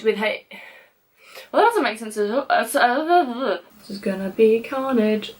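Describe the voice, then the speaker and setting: A young British woman rambles through her vlog outtakes in a fairly high voice. She talks slowly and unhurriedly, giggling and poking fun at herself. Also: animated, heavy background noise. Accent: British English. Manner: giggly, rambling, self-mocking. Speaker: vlogger. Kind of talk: casual blooper outtakes.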